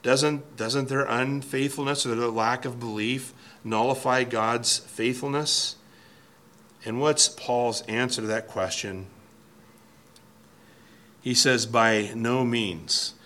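A man's voice: medium pitch, fairly even intonation, slow, long pauses, fairly bright tone. A man preaching an expository sermon from a church pulpit, earnest and emphatic, often restarting and repeating words. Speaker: pastor.

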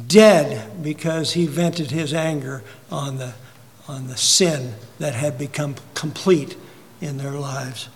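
A man preaching a sermon in a high, ringing voice. He fires rhetorical questions, pushes up to emphatic peaks, then drops low and quiet. The recording carries a long reverb tail from a large hall.

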